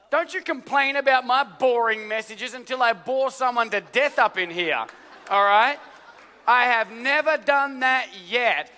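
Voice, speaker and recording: A man preaching a sermon as pastor, telling stories in an animated way and acting out voices. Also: very high-pitched. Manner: animated storytelling with acted-out voices. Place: large church hall. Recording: live church hall reverb.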